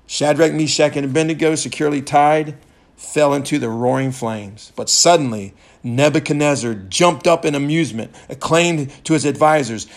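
A man in his fifties preaching a folksy sermon, retelling a story and laughing often, rising loud when excited. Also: on the high side, moderate pace.

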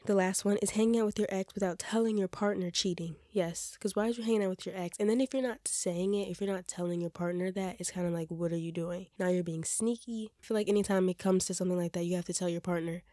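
A woman's voice: medium pitch, fast, few pauses, no echo. Young woman, congested, casual opinionated podcast host, dry close sound. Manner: chatty, opinionated, animated. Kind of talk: casual chat.

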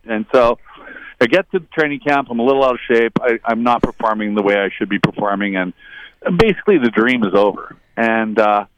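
A man's voice: brisk, lo-fi sound, noisy background. A middle-aged man, a former hockey player, telling long casual anecdotes, rambling and quoting others. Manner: rambling anecdotal, quotes others in higher voices. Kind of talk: casual storytelling.

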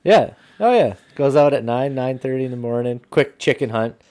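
A man telling hunting stories in casual podcast chat, profane and animated. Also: medium pitch, normal speed.

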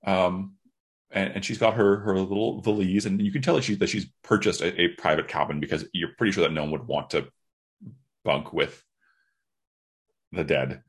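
A man narrating a tabletop game as game master, relaxed and descriptive. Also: sits low, normal speed, long pauses, slightly rough. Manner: relaxed and descriptive, with frequent restarts.

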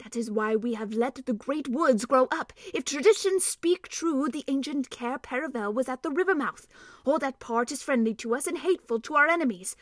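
A woman's voice: high-pitched, normal speed, no room sound, studio quality. A woman voicing an earnest, learned old male doctor who explains plans in an urgent way.

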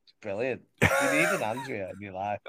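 A man's voice: on the low side, lively intonation, fairly quick, crowd noise. A man with a Northern English accent co-hosting a podcast, chatting casually with crude jokes and frequent laughter. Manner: crude, joking, laughs often. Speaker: podcast co-host. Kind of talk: casual chat.

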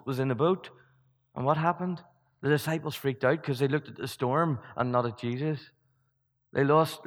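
In a church, a man preaches with a middle, everyday pitch, keeping it loose and conversational. He throws rhetorical questions at the congregation and frequently restarts sentences, with long hall reverb trailing each phrase.

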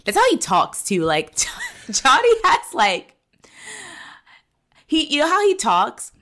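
A woman hosting a podcast in casual chat, animated, laughing often and swearing freely. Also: high-pitched, slow pace. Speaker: podcast host. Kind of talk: casual chat recapping a TV show.

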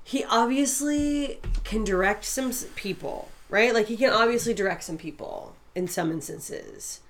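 A woman's voice: on the high side, a little slow. A woman in a casual movie podcast chat, giving blunt opinions on acting and the script. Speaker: podcast co-host.

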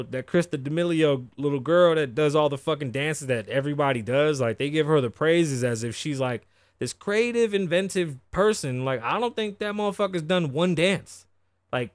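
A man's voice: on the high side, no room sound. Profane, rambling male podcast host. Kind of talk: casual news commentary.

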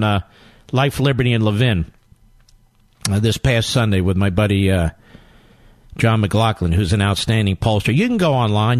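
In a dry recording, a man with a mid-range voice hosts political talk radio. He's emphatic and rallying, firing off rhetorical questions throughout a combative monologue.

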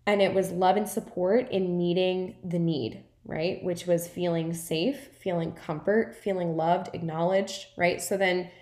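A woman's voice: on the low side, fairly even intonation, unhurried, hardly any pauses, darkish tone. A woman hosting her podcast as a wellness coach, talking in a casual, earnest, encouraging way, with many "like"s and "right?" tags. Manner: chatty, filler-heavy, with frequent "like" and "right?" tags. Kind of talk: casual reflective monologue. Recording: roomy echo.

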